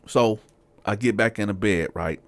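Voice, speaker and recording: A man's voice: fairly low pitch, moderate pace, no echo. A man hosting his channel, telling a casual first-person story full of cursing and asides to the viewers. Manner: profane, animated, addresses viewers. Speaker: show host, storyteller.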